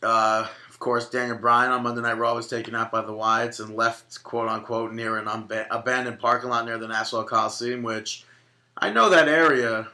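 A man co-hosting a podcast in casual, joking chat, quick to argue a point. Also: medium pitch, fairly even intonation, pushed and bright. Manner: joking, argumentative. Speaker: podcast co-host.

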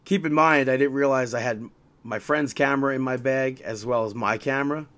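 A podcast co-host with a mid-range male voice talks a little fast as he tells a story in casual chat. He acts out each exchange in quoted dialogue, his animated retelling growing more and more exasperated.

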